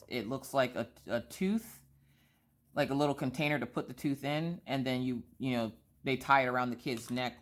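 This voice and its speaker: A woman in her thirties chatting casually about her kids while she colors, telling lively stories and acting out quotes. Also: rumbling low, moderate pace. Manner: chatty, animated storytelling with voiced quotes. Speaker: vlogger and mother.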